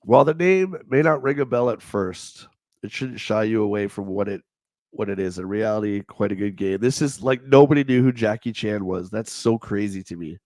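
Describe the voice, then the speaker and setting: A man's voice: fairly low pitch, moderate pace, a little mellow, no echo, clean studio sound. A man with a stuffed-up, nasal voice hosting a livestream, reading old magazine reviews aloud and riffing on them in a rambling, jokey way. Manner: rambling, jokey, reads then riffs on the text.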